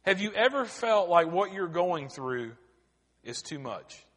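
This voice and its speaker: A man preaches a sermon in a fairly high voice. He leans on dramatic pauses and rises into emphatic cries to his congregation. His words ring out with a long reverb that fills the church sanctuary. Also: very animated, a bit bright. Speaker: pastor.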